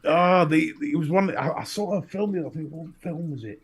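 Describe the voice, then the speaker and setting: A man with a Northern English accent, co-hosting a casual chat and telling animated stories with plenty of swearing. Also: a little high, fairly quick, a crowd in the background. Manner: animated storyteller, swears freely. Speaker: podcast co-host.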